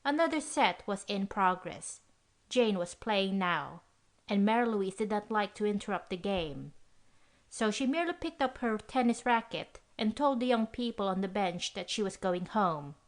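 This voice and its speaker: A woman narrating a classic mystery audiobook in an even storytelling manner. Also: mid-range voice, moderate pace. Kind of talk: scripted narration.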